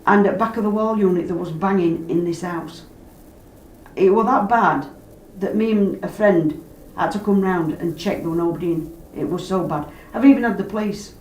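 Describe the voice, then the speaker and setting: A woman's voice: on the low side, moderate pace. Woman telling a story, far from the mic. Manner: animated, acts out quoted voices, dialect grammar. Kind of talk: casual storytelling. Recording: roomy, distant mic, background noise.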